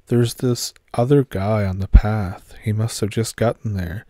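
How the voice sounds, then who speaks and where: A man narrating a horror story in a steady, measured way. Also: lowish voice, no room sound, studio quality.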